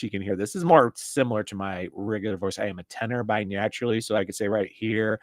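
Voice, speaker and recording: A man's voice: on the low side, brisk, no room sound, clean studio sound. A man casually reviewing an audio mixer, rambling and chatty as he demonstrates it into a desk mic. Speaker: gear reviewer. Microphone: desk mic through a mixer.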